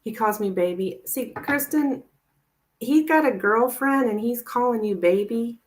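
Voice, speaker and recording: A woman gives a live tarot reading, chatting with viewers and thinking aloud with lots of "like." Her voice is fairly high-pitched and a little slow.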